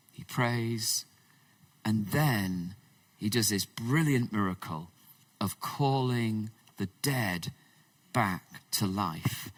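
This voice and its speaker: A man preaching a conversational sermon, swinging between loud emphasis and hushed, low passages. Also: dry recording, far from the mic. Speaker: pastor. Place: church.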